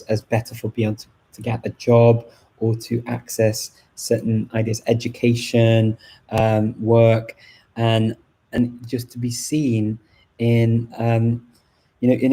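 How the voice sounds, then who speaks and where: A middle-aged man from Liverpool with a softened northern English accent, talking casually and thoughtfully to viewers in a live stream, with frequent restarts. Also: medium pitch, rough recording. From Liverpool, England. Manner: thoughtful, many restarts and fillers. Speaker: language channel host.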